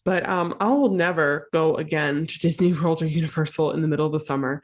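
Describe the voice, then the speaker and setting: A woman's voice: deep voice, a little fast. A woman hosting her own podcast, talking casually and encouragingly with many fillers while sick and a little out of breath. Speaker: podcast host. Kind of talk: solo podcast monologue.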